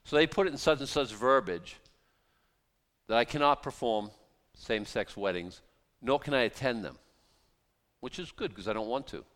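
A man's voice: mid-range voice, animated, normal speed, pauses often, a bit bright. A middle-aged man, a pastor preaching a sermon in a conversational way, asking rhetorical questions and acting out quoted voices.

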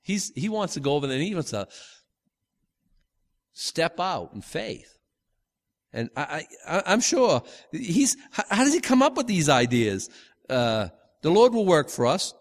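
A man's voice: fairly high pitch, big pitch swings. Man teaching scripture in a reverberant hall. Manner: conversational, halting restarts, acts out quotes. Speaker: preacher. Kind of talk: informal Bible teaching.

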